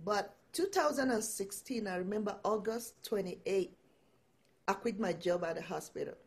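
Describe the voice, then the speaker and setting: A middle-aged woman, a guest empowerment coach, telling her story in a casual interview, animated and laughing often. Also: medium pitch, moderate pace.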